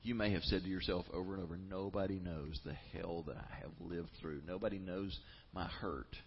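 A man preaching a sermon as a pastor, earnest and emphatic, with dramatic pauses. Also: deep voice, fairly even intonation, muffled recording, slight background noise.

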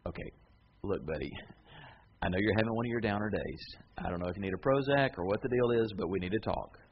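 A man's voice: lowish voice, fast talker, background noise, voice pushed down, natural voice. Preacher putting on a bossy brash disciple guy, pushy and wheedling, kinda muffled recording. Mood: scolding. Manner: pushy, wheedling, talks down to his friend.

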